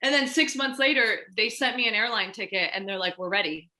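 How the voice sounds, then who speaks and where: A woman's voice: medium pitch, brisk. A woman, a stunt performer and martial artist, telling stories as an interview guest and acting out the lines of the people in them. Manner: animated, acts out quoted dialogue. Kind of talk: casual interview storytelling.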